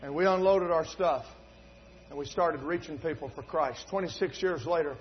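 A man's voice: fairly high pitch, normal speed, slight background noise. A middle-aged man, a pastor from North Carolina preaching a sermon in a church, telling folksy stories and rising to emphatic fervor. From North Carolina, USA. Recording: dull lo-fi recording.

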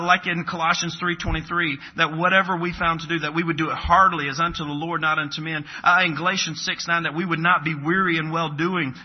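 A man preaching an earnest, animated sermon at a church service, acting out scripture characters. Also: a little high, breathy edge. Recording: dull, muffled sermon recording.

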